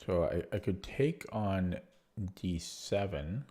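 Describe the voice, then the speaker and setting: A young man streaming chess, thinking his moves out loud, repeating words as he calculates and chatting back to his viewers. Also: low-pitched, lively intonation, slow. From Canada. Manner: chatty replies to viewer chat. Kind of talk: live-stream chess commentary, thinking aloud.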